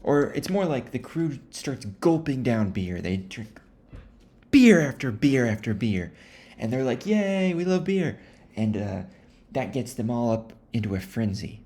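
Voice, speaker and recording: A man retelling a classic novel in a casual, rambling comic way, with offhand deadpan asides. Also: mid-range voice, unhurried. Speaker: storyteller.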